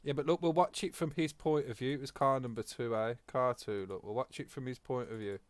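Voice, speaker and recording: A man giving live commentary on his sim racing, excitable and sweary, swinging between mutters and loud outbursts. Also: mid-range voice, a little fast, no echo.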